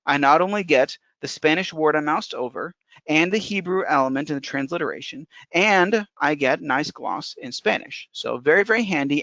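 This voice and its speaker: Man demoing software, gravelly, slightly high voice, dry dull lo-fi audio. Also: no room sound. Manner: casual, technical, thinking aloud with restarts. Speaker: software developer presenting a webinar. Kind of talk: live software demo webinar.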